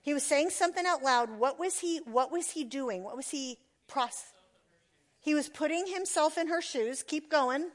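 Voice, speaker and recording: A woman speaking to an audience, telling an animated story and asking the listeners questions. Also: a little high. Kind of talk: talk to an audience.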